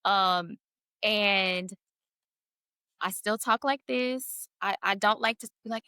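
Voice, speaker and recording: A woman's voice: medium pitch, measured pace, bright, forceful tone, clear, resonant tone, dry recording. A woman co-hosting a podcast in casual chat, candid and laughing often, cussing freely. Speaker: podcast co-host.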